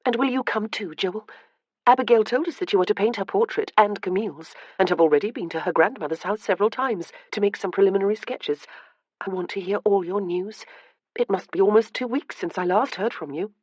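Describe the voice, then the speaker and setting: A woman voicing Anna, an earnest, warm-hearted young noblewoman in an audiobook. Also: medium pitch, a little fast, no echo, lo-fi sound, pitched above the performer's own voice, natural voice. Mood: eager. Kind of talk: audiobook character reading.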